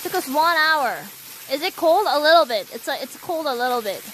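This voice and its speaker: High-voiced woman chatting on a travel stream. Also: animated, a little fast, a bit bright, slight background noise, low-quality recording. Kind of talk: travel vlog chat.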